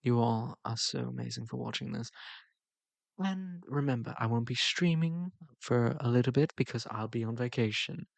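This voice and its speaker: A man's voice: mid-range voice, moderate pace, vocal fry, dry recording. A man hosting his channel, giving a casual, playful and flirty outro and laughing often. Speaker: channel host.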